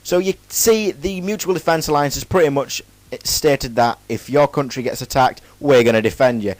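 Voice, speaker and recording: A man's voice: mid-range voice, moderate pace, dry recording, low-quality recording. A young man giving a casual, jokey school presentation, reading his facts and then breaking off into playful, self-mocking asides. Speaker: student presenter.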